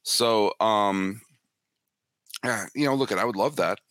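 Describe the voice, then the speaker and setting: A man guesting on a sports podcast, talking in an animated way and often repeating words as he builds his points. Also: lowish voice, measured pace, no room sound, studio quality. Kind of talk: casual sports podcast chat.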